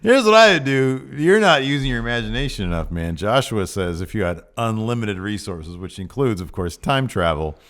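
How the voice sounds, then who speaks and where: A male podcast co-host with a mid-range voice, trading jokes in loose, casual chat. His pitch jumps around a lot as he riffs and teases his partner. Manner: joking, animated, fast bursts.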